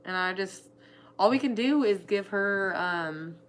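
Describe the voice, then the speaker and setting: A woman's voice: mid-range voice, lively intonation, a little slow, fairly bright tone. A woman co-hosting a casual chat, talking in a matter-of-fact, teasing way. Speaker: co-host, stepparent.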